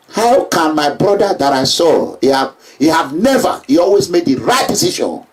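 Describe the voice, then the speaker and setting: A Nigerian man giving an emphatic public address, repeating himself and breaking into shouts. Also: high voice, sing-song, moderate pace, recorded from a distance. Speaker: political speaker.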